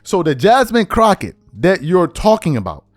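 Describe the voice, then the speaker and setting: A man's voice: sits high, wildly swooping pitch, moderate pace, no echo, soft background music. A man hosting an opinion commentary show, talking in an emphatic, slangy way and sometimes mocking others. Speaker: commentary host.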